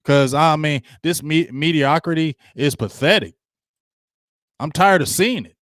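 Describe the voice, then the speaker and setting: On his sports talk show, a fired-up middle-aged man rants passionately to his live chat, slangy and repetitive. His voice is a little high and fairly bright, at a measured pace, captured as a dry, clean studio recording.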